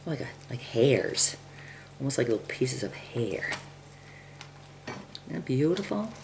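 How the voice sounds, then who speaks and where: Very low, gravelly woman cooking at home. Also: big pitch swings, a little slow, darkish tone. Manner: chatty, thinks aloud, clears her throat often. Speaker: home cook demonstrating a recipe. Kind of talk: casual cooking demonstration. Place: home kitchen. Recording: home video with kitchen noise. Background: chopping, dishes and cutlery clatter.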